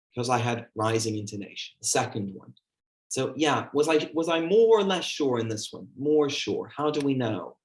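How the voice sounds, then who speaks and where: In an echoey room, a man with a medium-pitched, sing-song voice leads a teacher training workshop at a moderate pace. He talks conversationally and acts out the questions he puts to his class.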